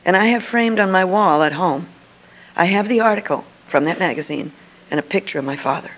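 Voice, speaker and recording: A woman's voice: on the low side, expressive, brisk, a bit bright, rough recording. Older woman telling an earnest story. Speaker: Christian speaker. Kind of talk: storytelling talk to an audience.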